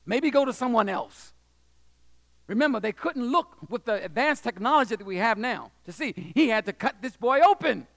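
High-voiced man telling a sermon story. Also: animated, moderate pace, gravelly, fairly bright tone. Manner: dramatic storytelling, acting out voices, asks the audience if they are listening. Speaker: preacher. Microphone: handheld or stand microphone.

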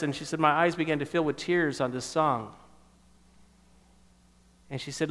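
A man in his fifties telling a personal testimony in sermon style, emotional and storytelling, dropping softer at tender moments. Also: on the high side, fairly quick, in a large hall. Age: 50s. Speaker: speaker giving a testimony.

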